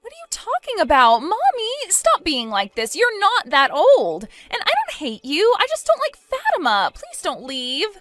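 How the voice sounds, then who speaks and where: A spoiled young bride, petulant and whiny, who pleads when she gets scared, as a woman acts her out. Her voice sits high and leaps around a lot. Soft music plays faintly underneath. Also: wildly swooping pitch, normal speed, full character voice. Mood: pleading.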